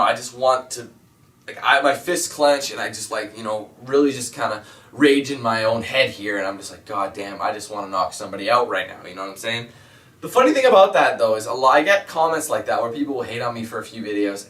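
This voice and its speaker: A man talks frankly to his viewers in a loose, rambling way, full of fillers and restarts. His voice sits at an ordinary middle pitch. He sounds a step back from the mic, and the room around him rings. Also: fairly bright tone. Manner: rambling, candid and apologetic, with many fillers. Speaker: YouTube let's player. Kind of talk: casual vlog monologue. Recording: roomy echo, mic at a distance.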